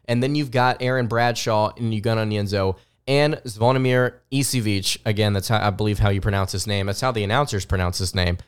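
A man's voice: lowish voice, fairly even intonation, fast talker, hardly any pauses, clean tone. A young man with a slight Southern US accent, hosting a sports podcast with enthusiastic commentary and frequent restarts. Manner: enthusiastic, repeats words when restarting. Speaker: podcast host.

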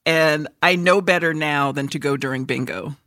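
A woman's voice: low-pitched, moderate pace, a bit bright, no room sound, studio quality. A woman co-hosting a podcast, telling stories in a casual, profane, laughing manner. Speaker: podcast co-host. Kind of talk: casual chat.

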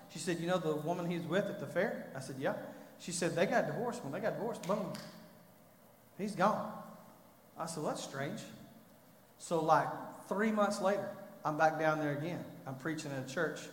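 A man preaching a sermon, telling a story and rising to loud, impassioned pleading. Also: on the high side, slight background noise. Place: church. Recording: echoey hall.

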